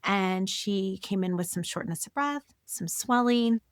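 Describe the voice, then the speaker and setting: A woman's voice: mid-range voice, lively intonation, measured pace, dry recording. A woman physician hosts a conversational interview in a mid-range voice. The recording is dry and close. She reflects on her guest's points and builds long, careful questions. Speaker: physician host.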